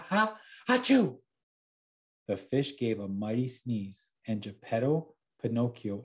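A man gently reading a bedtime story aloud to children as a storyteller. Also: mid-range voice.

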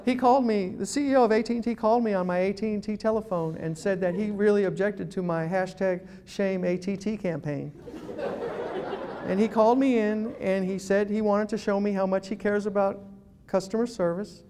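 A man's voice: sits high, brisk, darkish tone, a little hiss or hum. A man giving a humorous talk to a live audience as a guest speaker, telling stories and acting out phone calls.

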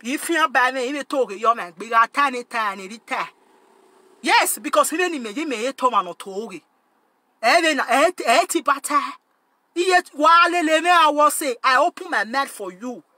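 High bright-voiced woman ranting. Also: expressive, normal speed, no echo. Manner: emphatic, mixes Pidgin English and Yoruba, repeats phrases. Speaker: channel host. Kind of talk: animated direct-to-camera rant.

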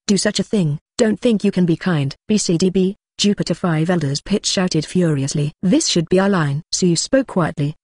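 A synthetic narrator voice reading an audiobook in an even manner, speaking punctuation marks aloud as words. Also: mid-range voice, slightly rough, dry recording, clean studio sound. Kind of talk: machine-read scripted narration.

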